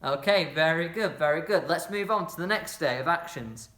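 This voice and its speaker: Bright-voiced drama leader in an echoey room. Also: mid-range voice, animated, moderate pace. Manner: encouraging, makes playful sound effects. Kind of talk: instructing children in a movement game.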